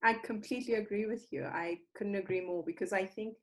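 A woman hosting a podcast, chatty and quick to laugh, often telling anecdotes. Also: mid-range voice, poor audio. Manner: warm, laughs easily, tells anecdotes. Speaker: podcast host. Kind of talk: casual conversation.

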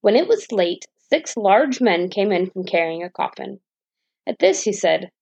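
A woman reading a fairy tale aloud as a bedtime story, in a calm, even storytelling manner. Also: mid-range voice, measured pace, vocal fry, breathy edge.

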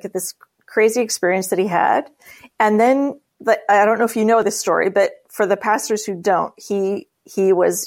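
Woman guest telling a story, animated, does little voices for quotes. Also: medium pitch. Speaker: guest speaker, church leader. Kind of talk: storytelling conversation.

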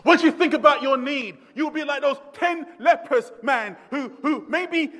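A man preaches with a strikingly high voice, pressing his points hard and swinging between quiet and loud. His words ring through the long echo of a church hall. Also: unhurried. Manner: emphatic preaching, swinging from hushed to shouting. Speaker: pastor. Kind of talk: sermon. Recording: long echoey reverb of a hall.

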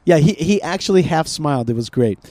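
A man hosting a casual podcast conversation, animated, often repeating himself and restarting his sentences. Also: a little high, brisk. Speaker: podcast host. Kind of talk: casual political chat.

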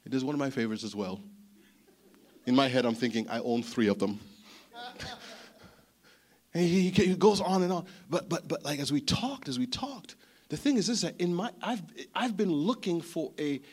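A man delivers a sermon like a long, rambling story. His voice sits a little high, and he talks in a lively, chatty way, doubling back on his words as he goes. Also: moderate pace. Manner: animated, chatty, repeats words. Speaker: pastor.

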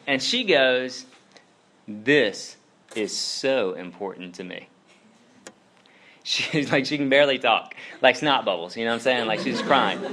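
Bright-voiced pastor, chatty sermon. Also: male voice, medium pitch. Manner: chatty, filler-heavy storytelling with lots of "like". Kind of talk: casual conversational sermon.

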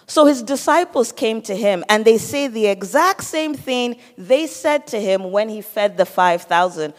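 A woman's voice: a little high, animated, unhurried, hardly any pauses. A woman preaching a sermon, teaching and putting questions to her listeners. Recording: long hall reverb.

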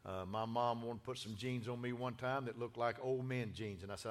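A man's voice: medium pitch, normal speed, a little hiss or hum. A man, a pastor giving a church sermon and announcements in a folksy, joking, exuberant way. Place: church sanctuary.

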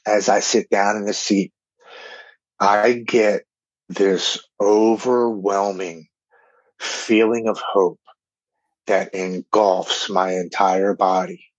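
A man, a podcast guest, telling an emotional recovery story in an earnest, halting way with repeated words. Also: on the low side, steady tone, dry recording. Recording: dull, dry remote recording.

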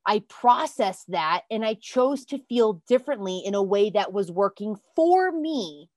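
She speaks a little slowly in a mid-range voice, hosting a self-help podcast with an earnest, emphatic motivational talk. She refers to listeners as "you guys" and bursts into excited exclamations, recorded at studio quality without echo.

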